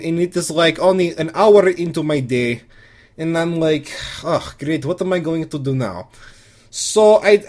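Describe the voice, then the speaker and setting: A man performs a comedic first-person monologue that's rambling and crude, full of restarts. His voice is fairly high and a little mellow.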